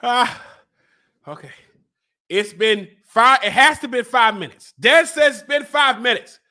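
A young man hosting his own show, joking and yelling while he sweats and burns from a hot pepper challenge. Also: extremely high pitch, animated, unhurried. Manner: loud, frantic and joking, yelling and sighing between lines. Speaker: podcast host and life coach. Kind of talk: live reaction during a spicy chip challenge.

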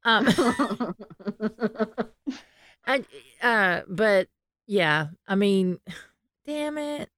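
A woman's voice: mid-range voice, lively intonation, extremely slow, pauses often, a bit bright, clear, resonant tone, no echo. A woman hosting a casual podcast chat, reading fan posts aloud and laughing often. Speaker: podcast host.

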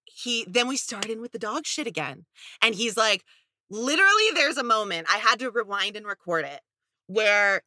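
Young female co-host, bright, sarcastic, exasperated storyteller, dry close mic. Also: mid-range voice, no echo. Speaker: podcast co-host. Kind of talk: casual chat recapping a reality show.

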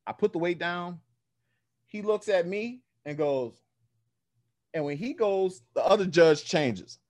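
Brief: male guest, lively storyteller, slightly high voice, dry recording. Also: measured pace, dry recording. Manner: animated, acts out other voices, casual slang and swearing. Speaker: guest powerlifter. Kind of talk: casual storytelling.

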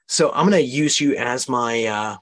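A man's voice: medium pitch, normal speed, fairly bright tone. A man hosting an interview podcast, explaining ideas in a coaching, demonstrative way. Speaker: host.

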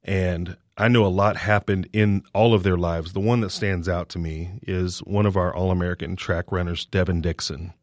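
A man's voice: low-pitched, steady tone, normal speed, few pauses, darkish tone, dry recording, studio quality. A man who leads a sports ministry, earnestly telling a story in an interview.

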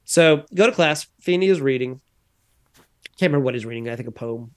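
A man co-hosting a podcast, casually recapping a sitcom episode with fillers and quick quoted lines. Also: medium pitch, animated. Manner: recounts scenes with quick acted-out quotes, many fillers. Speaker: podcast co-host.

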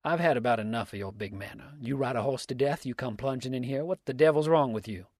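A man voicing a hot-tempered, cursing man who shouts his defiance at a rival. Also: mid-range voice, quick pace, no echo, clean studio sound, lightly acted. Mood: angry, defiant.

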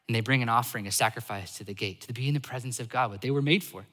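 Bright-voiced animated male preacher. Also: medium pitch, racing, long reverb tail. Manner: animated, swings between loud emphasis and soft asides. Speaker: pastor. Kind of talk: sermon.

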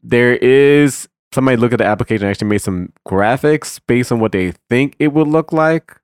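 A man's voice: mid-range voice, brisk, darkish tone, smooth, no room sound, clean studio sound. A man co-hosting a gaming podcast, chiming in with short reactions and factual clarifications. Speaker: podcast co-host. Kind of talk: casual gaming chat.

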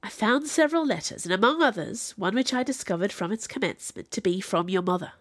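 A woman's voice: medium pitch, animated, fast, dry recording, clean studio sound, lightly acted. Woman voicing a stern, formal female magistrate. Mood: grave.

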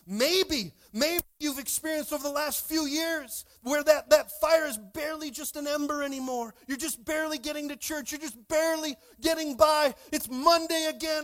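A young man preaching a lively sermon as pastor, calling out to his congregation in church. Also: very high-pitched, normal speed, few pauses. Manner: animated, calls out to congregation.

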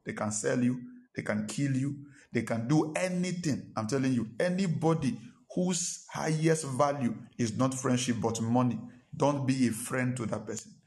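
A pastor preaching a sermon, telling a personal story and driving points home by repeating short phrases. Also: male voice, medium pitch, normal speed, darkish tone.

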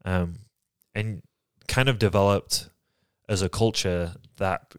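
This is a man from England with a very deep voice. He talks in a soft, reflective, halting way during a candid podcast chat. The sound is dry and close, with no room echo. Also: fairly even intonation, clear, resonant tone. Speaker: podcast co-host. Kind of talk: candid personal conversation.

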